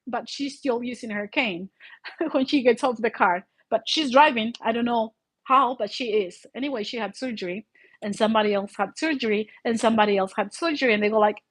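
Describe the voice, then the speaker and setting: A middle-aged woman with a foreign accent, English not her first language, telling her own story in an animated way, full of restarts and fillers. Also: on the high side, a little fast, husky, dry recording, rough recording. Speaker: vlogger. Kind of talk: personal storytelling.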